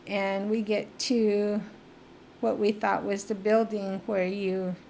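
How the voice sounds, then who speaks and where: A woman's voice: medium pitch, flat delivery, slow, vocal fry, darkish tone, slight background noise. A middle-aged woman from the Navajo Nation area, a podcast guest telling a personal story in a rambling way and acting out the voices of the people she quotes. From Navajo Nation area, US Southwest.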